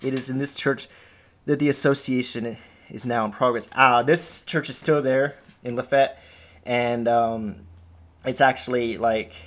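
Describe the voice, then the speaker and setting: A man's voice: mid-range voice, fairly even intonation, a little slow, a bit bright. A man from Alabama with a faint Southern accent, chatting casually to his camera at home as he tells family stories. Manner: conversational, amused, storytelling. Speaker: host showing family scrapbook. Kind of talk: casual vlog narration. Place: at home indoors, cats around.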